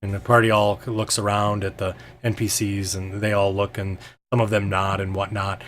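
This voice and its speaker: A man's voice: on the low side, level tone, normal speed, a bit bright, slight background noise. A man as game master, narrating a tabletop game in a hesitant way with many ums and restarts.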